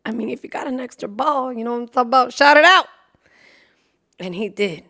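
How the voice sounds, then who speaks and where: A woman's voice: on the high side, lively intonation, brisk. A woman hosting a casual podcast, brash and profane, laughing often and dropping into whispered asides. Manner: brash and profane, laughing, switching into Spanish phrases; drops into loud whispers for asides. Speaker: podcast host. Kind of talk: casual solo podcast chat.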